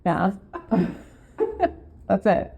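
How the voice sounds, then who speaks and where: A woman co-hosting a podcast in casual chat, telling stories full of fillers and acting out her own quotes in a high voice. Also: steady tone, drawn-out words, gravelly. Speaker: podcast co-host, real estate marketing and sales director. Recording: dull lo-fi podcast recording.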